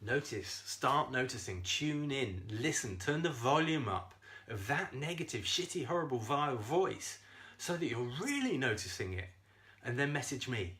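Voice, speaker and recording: A man coaching viewers on a live stream, animated and talking straight to them, swearing freely and laughing often. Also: medium pitch, normal speed. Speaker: self-esteem coach.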